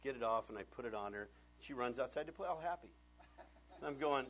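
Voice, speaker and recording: Male pastor, thirties, lively sermon delivery with wide pitch swings and playful acted-out dialogue. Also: fairly quick, slight background noise. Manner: animated, jokey storytelling with voices.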